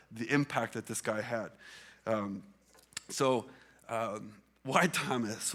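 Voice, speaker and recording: Guy pastor giving a chatty sermon, lots of uh and um, average pitch. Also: fairly bright tone. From Canada. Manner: conversational, many fillers and restarts. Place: church hall with congregation.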